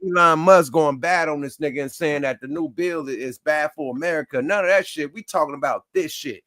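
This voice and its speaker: A man co-hosting a casual podcast discussion. He talks in a loose, animated, profane manner and jumps between points. His voice is slightly high, and the sound is dry and close. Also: a little fast, dry recording. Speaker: co-host.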